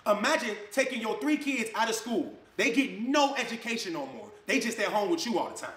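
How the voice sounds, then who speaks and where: A man ranting to camera in a fired-up way, swinging between loud jabs and low mutters. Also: lively intonation, brisk. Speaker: online video creator. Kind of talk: heated rant to camera. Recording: echoey room.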